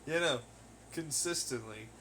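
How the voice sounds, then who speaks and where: On laundry day at home, a young podcast host rants through a casual ramble full of heavy cursing. His medium-pitched voice is a little slow, pushed and bright, and there's slight background noise.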